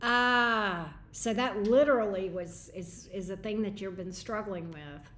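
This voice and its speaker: A woman's voice: medium pitch, a little slow, a bit bright, echoey room. A woman giving a livestream tarot reading in a frank, chatty way with casual slang. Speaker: tarot reader.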